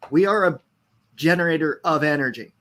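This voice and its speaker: A man's voice: on the high side, fairly quick, a bit bright. A man talking as a podcast guest in a loose, rambling and profane casual chat.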